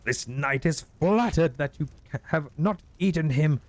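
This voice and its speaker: A man voicing a formal, pompous knight in a fantasy game, speaking slowly and stately. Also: fairly high pitch, expressive, voice pushed up, close to an everyday voice. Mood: courtly. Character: courtly, pompous old-fashioned knight, male.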